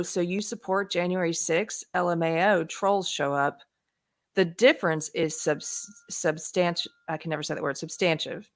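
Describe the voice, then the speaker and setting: A woman hosting a casual political talk show, agreeing readily with her guest and reading posts aloud. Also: on the low side. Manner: agreeing often, reads quotes aloud. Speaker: host.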